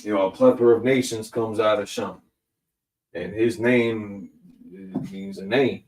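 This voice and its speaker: A Hebrew language teacher explains grammar casually, slowly thinking aloud with fillers and correcting himself as he goes. His voice is on the low side, steady and darkish. He's distant from the mic in an echoey room.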